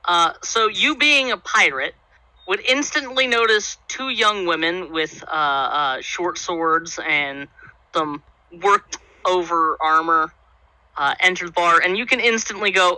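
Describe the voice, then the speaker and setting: High-voiced man running a tabletop game. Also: a little slow, sharp tone, clean tone, no room sound, low-quality recording. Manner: loose, filler-heavy storytelling. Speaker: game master.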